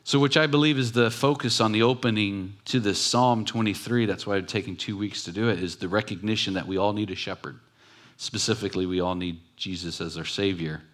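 Man, pastor, sermon, fairly low voice, conversational, emphatic, repeats phrases. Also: brisk, a bit bright. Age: adult with children. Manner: conversational, emphatic preaching with repetition.

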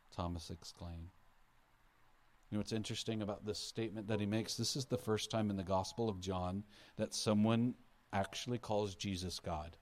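Earnest lower-voiced male preacher. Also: steady tone, normal speed. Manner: earnest preaching, voice rising and dropping for emphasis, acts out quotes. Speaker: pastor. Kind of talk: sermon.

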